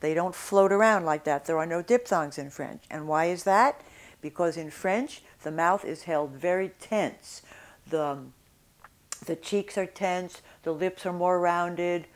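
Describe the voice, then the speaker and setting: A woman teaching French pronunciation in a video lesson, explaining clearly and slowly modeling sounds. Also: lowish voice.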